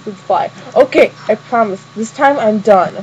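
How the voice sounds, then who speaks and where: A woman's voice: mid-range voice, normal speed, darkish tone. A young woman giving a casual, rambling fan review of a show episode, full of fillers and restarts. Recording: dull lo-fi webcam audio with faint noise.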